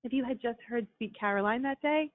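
A woman's voice: on the high side, fairly quick. Woman host on a tinny phone line. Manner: warmly encouraging, frequent affirmations. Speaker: podcast host. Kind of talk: casual interview.

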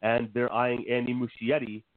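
Man, podcast co-host, careful and halting, lots of uhs, dry tinny audio. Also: mid-range voice, little pitch movement, no room sound. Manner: hesitant, cautious, many uhs. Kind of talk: casual podcast chat. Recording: tinny dry phone-like line.

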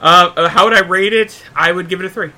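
A man co-hosting a casual movie podcast, animated and teasing. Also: high-pitched, fast, poor audio. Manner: animated, teasing, does silly accent impressions. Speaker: podcast co-host. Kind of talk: casual banter about movies.

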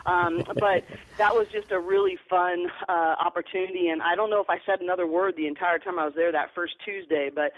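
A woman's voice: fairly low pitch, brisk, no echo. A woman basketball coach, a podcast guest, telling stories earnestly and often restarting her sentences. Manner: earnest, repeats words when starting sentences. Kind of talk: storytelling interview answers. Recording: tinny phone line, dry.

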